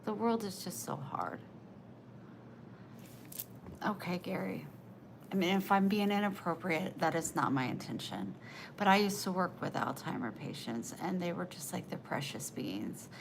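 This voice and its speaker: Soft-spoken, tender woman chatting live. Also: lowish voice, lively intonation, a little slow, gravelly, background noise. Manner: tender, emotional and rambling. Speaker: livestreamer chatting with viewers. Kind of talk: casual live chat.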